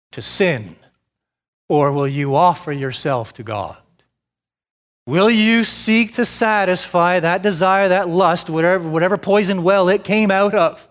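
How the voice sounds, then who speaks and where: A pastor in his thirties preaches with a slightly high voice. He takes his time, spacing out each rhetorical question and letting it land before moving on. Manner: slow, deliberate preaching with repeated rhetorical questions. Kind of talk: sermon.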